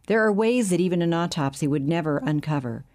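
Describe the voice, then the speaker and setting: A woman reading the lines of a calm, scheming male bank chief in an audiobook. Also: lowish voice, fairly quick, natural voice. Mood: assured. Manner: calm, assured, soothing.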